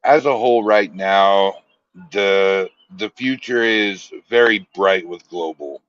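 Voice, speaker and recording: Brief: low-pitched man, podcast guest, easygoing and joking; dull lo-fi call audio. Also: slow pace. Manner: joking, relaxed banter. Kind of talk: casual chat over a call.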